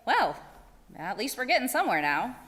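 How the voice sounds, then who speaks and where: A woman voicing a proud, cheeky young male squirrel in a bright, chirpy storytelling voice. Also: fairly high pitch, big pitch swings, moderate pace, big-room sound. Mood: pleased.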